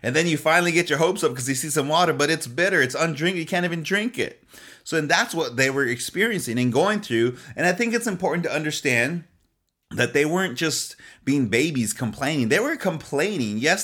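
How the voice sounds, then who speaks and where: A man, a pastor, preaching a sermon in an animated storytelling way, laughing often and checking in with the listeners. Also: on the high side, fairly quick. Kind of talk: sermon with personal stories.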